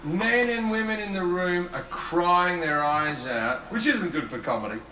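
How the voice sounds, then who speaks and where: On stage before a live audience, a male stand-up comedian tells a crude anecdote laced with swearing. His voice sits high, with a sharp tone and an unhurried pace, and the echoey venue carries audience noise.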